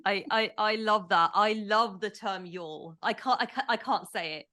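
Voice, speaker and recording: Female guest from the UK, mid-pitched, eager and reflective when she explains. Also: bright, forceful tone. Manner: enthusiastic, explains in a thoughtful, measured way. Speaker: guest, branding expert. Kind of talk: casual interview chat.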